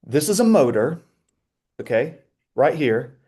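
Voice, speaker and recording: An excitable man talks playfully, often restarting his sentences. His voice sits fairly high for a man. He is presenting a webinar over a video call. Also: unhurried, breathy edge. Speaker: edtech presenter. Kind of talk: energetic webinar talk.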